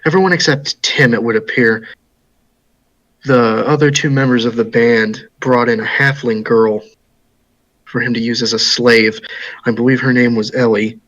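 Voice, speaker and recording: A man telling his part of a tabletop game in character, halting and restarting often. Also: medium pitch, steady tone, fairly bright tone, highs cut off. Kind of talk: in-character storytelling.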